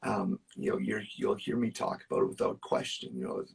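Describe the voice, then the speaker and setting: A man's voice: fairly low pitch, animated, fairly quick, creaky, slightly rough, distant mic. A man, a musician guest, telling personal stories in casual chat, earnest and emphatic, with plenty of fillers. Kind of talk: casual storytelling.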